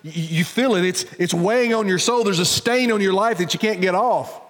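A pastor giving an earnest sermon, swinging between loud emphatic lines and hushed, low ones. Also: male voice, fairly quick. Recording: church hall reverb.

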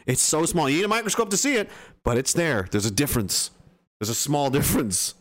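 A man's voice: on the high side, sing-song, brisk, a bit bright. A man streaming, ranting in a sarcastic, rambling way with stumbling restarts. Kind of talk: casual ranting commentary. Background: music.

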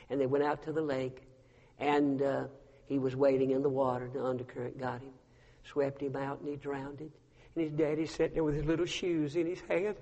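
A man preaches a storytelling sermon. He drops to a hush, then rises to a loud cry. His voice rings with the long reverb of a big church hall. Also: on the high side, steady tone, fairly quick, creaky. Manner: storytelling, swinging from hushed to loud. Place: church sanctuary.

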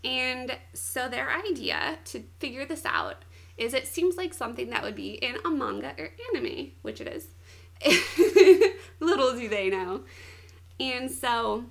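This young woman's voice is high and gravelly as she excitedly retells an anime storyline during a relaxed conversation. She peppers her telling with "like" and breaks into giggles often.

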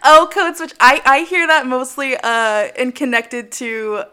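A woman co-hosting a casual podcast chat, with a light, bright voice and a giggly, self-deprecating way of talking. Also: high voice, a little slow, clean tone. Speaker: podcast co-host.

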